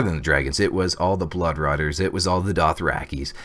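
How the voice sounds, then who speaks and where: Man, very low voice, casual video review, excited, rambling, filler-heavy. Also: brisk. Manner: excited, rambling recap with many fillers and acted reactions. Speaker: TV episode reviewer.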